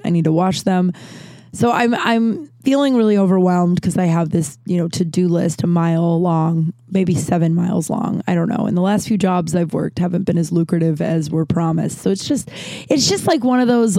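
Low, mellow-voiced woman podcasting. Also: creaky, no echo. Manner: rambling, candid, swears freely. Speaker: podcast host. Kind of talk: casual solo podcast chat. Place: small closet.

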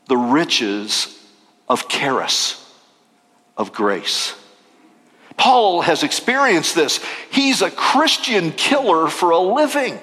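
A male pastor preaching a sermon in an animated way, breaking into acted-out voices and jokes. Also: on the high side, big-room sound.

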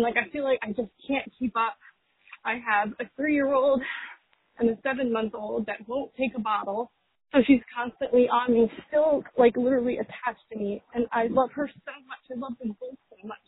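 Breathy young mother venting on a phone line. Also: high-pitched, dry recording. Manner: rambling, many fillers, strained and emotional. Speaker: caller leaving a voicemail. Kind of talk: tearful venting rant.

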